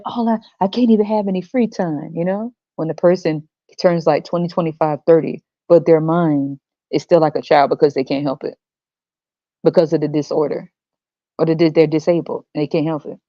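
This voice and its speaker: Woman podcast host ranting, lots of swearing, low mellow voice, dull lo-fi sound. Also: steady tone, brisk, no echo. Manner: blunt, profane, ranting.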